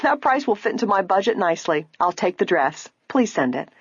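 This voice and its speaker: A woman voicing a calm, kindly young woman sleuth who speaks evenly, in a slightly muffled recording. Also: medium pitch, brisk, husky, no room sound, pitched above the performer's own voice. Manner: even, kindly.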